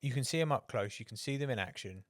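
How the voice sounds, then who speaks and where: Swearing, rambling podcast co-host. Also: male voice, medium pitch, expressive, fast, no echo, studio quality. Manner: swears freely, tells rambling anecdotes with acted quotes. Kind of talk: casual chat.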